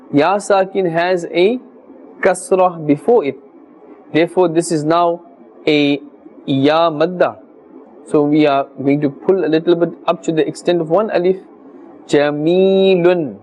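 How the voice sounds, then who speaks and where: A man's voice: a little high, darkish tone, slight background noise, poor audio. Patient man teaching Quran pronunciation. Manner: patient, repeats words slowly to model pronunciation. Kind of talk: religious recitation lesson.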